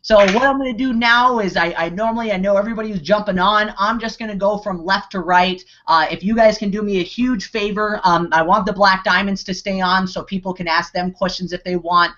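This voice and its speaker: A man's voice: high-pitched, fairly even intonation, brisk, few pauses, bright, forceful tone. A man hosting a live online Q&A, talking in a rambling way with many restarts and fillers. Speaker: host. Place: online video hangout. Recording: dull lo-fi video call audio.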